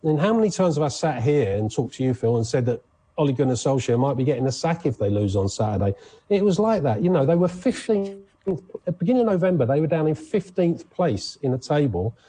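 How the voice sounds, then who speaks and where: A man's voice: fairly high pitch, fast talker, husky. A man presenting sports news in a chatty, conversational way on radio. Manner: chatty, conversational, animated asides.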